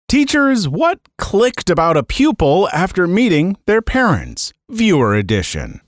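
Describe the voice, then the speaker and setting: A man in his thirties hosts a story show in a high, bouncy voice that swings widely in pitch. He talks casually and animatedly, with frequent fillers and self-corrections. The sound is close and dry. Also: huge pitch swings, a little slow, hardly any pauses, no echo. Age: 30s. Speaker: host reading and reacting to viewer stories. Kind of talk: casual chatty commentary.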